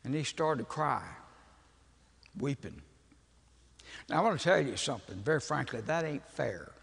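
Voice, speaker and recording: An older man, telling a humorous story in a folksy, animated sermon. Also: medium pitch, moderate pace, creaky, slightly rough. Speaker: preacher. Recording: long reverb of a large hall.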